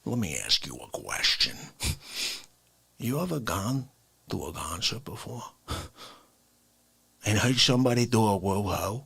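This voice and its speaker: Husky man swinging from whisper to shout. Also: on the low side, very animated, slow, long pauses. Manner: wildly swinging delivery, dropping to whispers and bursting into shouts, laughing. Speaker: livestream host and comedian. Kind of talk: unscripted comedic rant.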